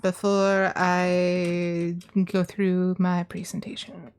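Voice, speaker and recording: A woman's voice: fairly low pitch, completely flat delivery, very slow, darkish tone, slight background noise. A woman streamer giving casual game commentary, chatty and openly emotional, with fillers. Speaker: livestreamer.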